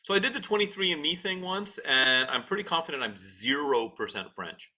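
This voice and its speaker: A man's voice: fairly high pitch, animated, a little fast, pushed and bright. A man co-hosting a podcast in casual chat, with wry, playful banter and frequent stammering restarts. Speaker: podcast co-host.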